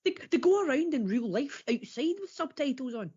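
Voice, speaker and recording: Excitable swearing man. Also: extremely high pitch, brisk. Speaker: podcast co-host. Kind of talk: casual chat. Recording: husky lo-fi podcast audio.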